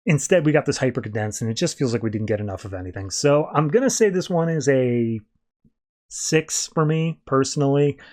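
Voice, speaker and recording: A man's voice: medium pitch, darkish tone. A podcast host, a man, casually reviewing comic books in a chatty, rambling way that often corrects itself.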